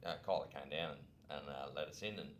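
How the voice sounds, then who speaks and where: A man's voice: a bass voice, fast talker, slight background noise. A man in his forties with an Australian accent, co-hosting a casual podcast as a former police officer, telling stories and stumbling over repeated words. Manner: storytelling, repeats words as he goes, chuckles. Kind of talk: casual chat.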